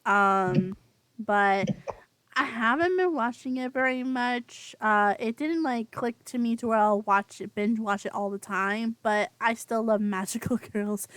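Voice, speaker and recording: Higher-voiced woman chatting casually. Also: measured pace, a bit bright, no room sound. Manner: rambling, laughs often, many fillers. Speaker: podcast co-host. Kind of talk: casual chat.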